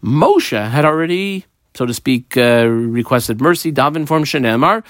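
A man's voice: medium pitch, animated, moderate pace, a bit bright, dry recording, clean studio sound. A man teaching a Talmud class, explaining the text phrase by phrase and mixing Hebrew terms into English.

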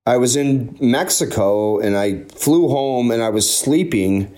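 A man's voice: medium pitch, measured pace, dark tone. A man in his forties, a former pro hockey player, talking candidly and at length in an interview, often repeating himself. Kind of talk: emotional interview conversation.

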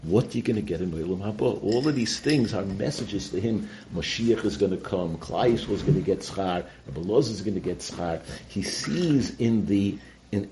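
A man gives an informal Torah talk, and his voice sits on the low side. He halts and restarts often and peppers his with Hebrew and Yiddish terms. A faint hiss runs under the recording. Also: dark tone. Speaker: Torah teacher.

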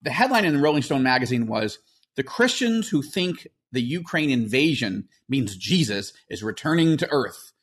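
A man's voice: mid-range voice, very animated, moderate pace, fairly bright tone, slightly rough. A man hosting a podcast, explaining earnestly in casual talk, with fillers and restarts. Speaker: podcast host.

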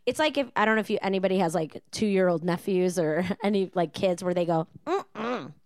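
A woman's voice: lowish voice, fast talker, smooth, no room sound, clean studio sound. A woman telling stories in casual podcast chat, often acting out the people in them. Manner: animated storyteller who acts out customers.

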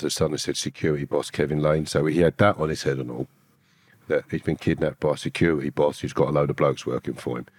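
A man's voice: extremely low pitch, dry recording, clean studio sound. A man in his fifties, telling his story bluntly in streetwise slang. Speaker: guest who committed a kidnapping. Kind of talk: candid storytelling.

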